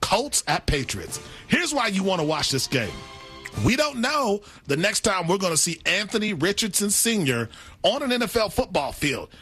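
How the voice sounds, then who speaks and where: A man with a high, bright voice previews football games with a showy pitch. His delivery swings up and down with animated energy, and faint music plays behind him. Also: normal speed. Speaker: sports analyst. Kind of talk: hyped game preview segment.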